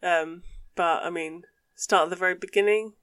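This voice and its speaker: Animated woman telling a story. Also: lowish voice, moderate pace. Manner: animated storytelling, swears freely. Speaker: podcast co-host. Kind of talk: casual chat.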